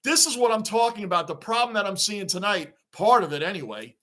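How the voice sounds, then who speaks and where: A man hosting a live sports reaction stream, excitable and rambling as he answers viewers' chat. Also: high-pitched, a little fast. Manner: excitable, talks back to chat comments, rambling.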